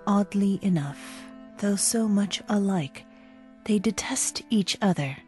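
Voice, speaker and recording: A woman reading a story aloud as narrator, slow and measured. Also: medium pitch, darkish tone, faint music behind. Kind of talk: audiobook reading.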